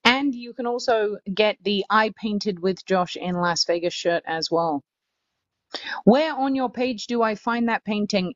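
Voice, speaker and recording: A woman's voice: lowish voice, no room sound. A woman chats playfully on a livestream, rattling off merch plugs with a teasing edge. Her voice sounds dry and close, with a muffled, lo-fi quality. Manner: playful, teasing, quick sales patter. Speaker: co-host promoting merch. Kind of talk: casual livestream chat.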